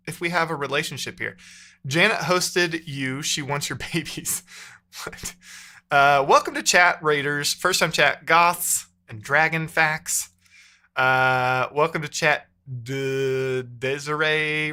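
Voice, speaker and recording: A man talks casually to his live-stream chat while he codes, thinking out loud and muttering as he works. His voice is bright and forward, and keys clatter under his words. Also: fairly high pitch. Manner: chatty, thinks aloud, muttering while typing. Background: keyboard typing.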